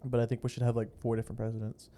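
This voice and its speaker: A man's voice: medium pitch, completely flat delivery, racing, warm tone. A young man from California co-hosting a podcast, talking in a laid-back, rambling way with lots of fillers and swearing. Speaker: podcast co-host. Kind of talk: casual chat.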